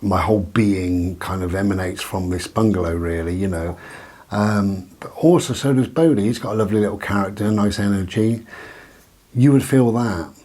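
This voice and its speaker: Husky-voiced man musing softly. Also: lowish voice, moderate pace. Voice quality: rambling, hesitant, full of ums. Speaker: vlogger. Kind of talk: casual reflective monologue. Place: living room of his bungalow.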